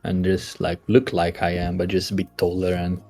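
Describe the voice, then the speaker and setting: Brief: male tabletop player, lowish voice, rambling and self-mocking, faint music behind. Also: completely flat delivery, normal speed, a little mellow. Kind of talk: tabletop game chat.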